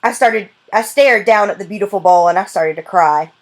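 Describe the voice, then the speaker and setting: An audiobook narrator with a medium-pitched voice reads a children's novel told in the first person. She speaks at a moderate pace in an earnest, plain manner, as in storybook narration.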